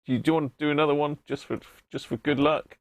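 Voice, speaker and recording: A man's voice: a little high, steady tone, fast, no echo. A jovial man hosting a casual live stream, chatting and laughing with his viewers. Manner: jovial, laughing banter with chat. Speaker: live-stream host restoring a vintage radio.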